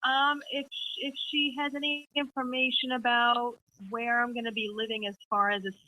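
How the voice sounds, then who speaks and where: Hesitant, high-pitched woman caller. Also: flat delivery, normal speed, pushed and bright, no echo, poor audio.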